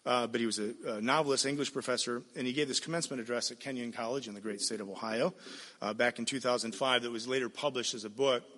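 A man's voice: mid-range voice, quick pace, a bit bright, long reverb tail. A man preaching a sermon, emphatic and repeating his points, often asking his listeners "you see?". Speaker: pastor.

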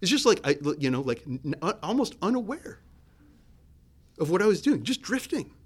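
A man's voice: moderate pace, slightly rough. A man preaching a sermon in a conversational, searching way, often restarting his sentences. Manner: conversational, searching, with restarts and lively swings in pitch and loudness. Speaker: pastor.

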